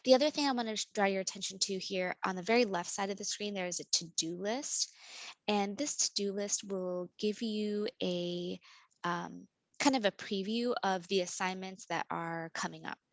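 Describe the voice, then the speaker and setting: A woman instructor walking students through an online course in a relaxed, filler-heavy way over a video call. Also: mid-range voice, moderate pace, no room sound, rough recording. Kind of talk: online course orientation walkthrough.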